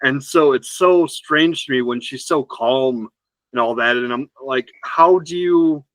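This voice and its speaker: A man's voice: medium pitch, unhurried, fairly bright tone, no room sound, rough recording. A man who is a podcast guest, talking earnestly and reflectively in casual conversation, often restarting his sentences.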